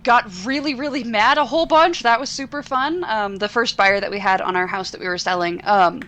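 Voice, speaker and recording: A young adult woman chats on a podcast in a slightly higher voice, animated and quick to swear as she tells her story. She talks casually with her co-hosts. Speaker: podcast co-host.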